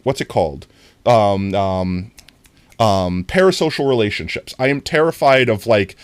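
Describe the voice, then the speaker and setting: A man's voice: on the low side, no room sound. A young man livestreaming a farming game, chatting casually with his viewers, rambling and often cutting himself off mid-sentence. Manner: rambling, talks to chat, frequent self-interruptions. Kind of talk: casual stream chat while gaming.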